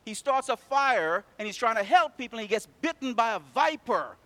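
A man preaching a sermon in church, telling stories and calling out to the congregation, swinging from loud to hushed. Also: very high voice, sing-song, normal speed, hardly any pauses.

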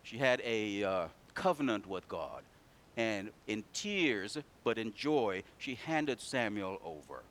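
A man preaching a sermon in church, telling stories and calling out to the congregation, swinging from loud to hushed. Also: on the low side, lively intonation, slow pace.

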